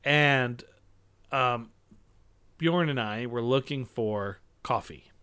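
A man's voice: medium pitch, slow pace, bright, forceful tone, smooth, no room sound. A man from Idaho telling chatty anecdotes in a casual conversation. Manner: chatty, tells anecdotes, restarts often. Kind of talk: casual storytelling chat.

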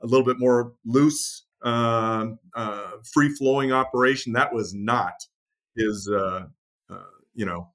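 Male author guest, mid-pitched, storytelling interview delivery with many "uh"s and self-corrections. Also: slow pace, a bit bright. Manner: many fillers and restarts, storytelling with acted quotes. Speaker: author and military historian guest. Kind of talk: conversational interview.

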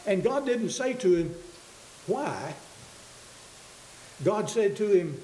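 A man preaching a sermon in an earnest, halting way, often restarting his words, in a church hall. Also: high-pitched, lively intonation, warm tone. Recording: echoey room with faint hiss.

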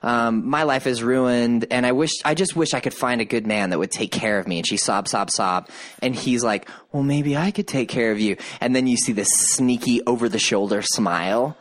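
Animated man recapping a drama. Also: moderate pace, few pauses. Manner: animated storyteller, voices quotes with rising pitch. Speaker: podcast co-host. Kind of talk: casual chat, recapping a TV drama.

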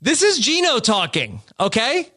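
Chatty male podcast host, high tenor, lots of lift in his delivery. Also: wildly swooping pitch, unhurried, bright, forceful tone. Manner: laughing, chatty recap with restarts. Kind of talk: casual chat.

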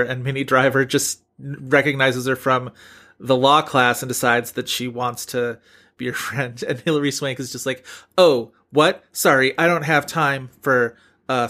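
A man's voice: mid-range voice, bright, forceful tone. A man co-hosting a podcast in casual chat, rambling with many fillers and laughs. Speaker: podcast co-host.

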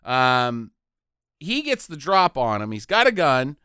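A man co-hosting a casual podcast, retelling a film's plot with lively mock voices. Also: mid-range voice, slow pace, clean tone, no room sound, studio quality. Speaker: podcast co-host. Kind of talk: casual movie recap chat.

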